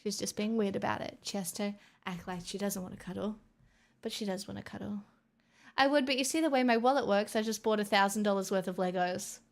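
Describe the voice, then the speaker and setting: An Australian woman streamer in casual livestream chat, rambling and playful, drifting into soft murmurs. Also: medium pitch, fairly quick.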